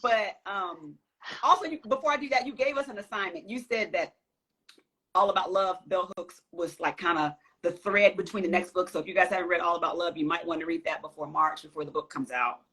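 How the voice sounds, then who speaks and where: A woman hosting a casual book interview, playful and teasing, giving soft "mm-hmm" replies as she listens. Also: on the low side, fairly quick. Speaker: podcast host and interviewer.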